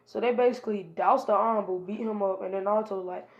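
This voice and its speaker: Brief: casual storyteller, woman, gravelly fry, rambling and hesitant. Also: mid-range voice, steady tone, fast, lo-fi sound. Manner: rambling, strings events with "and then he was like"; frequent hesitation fillers. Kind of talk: casual improvised fan-fiction retelling.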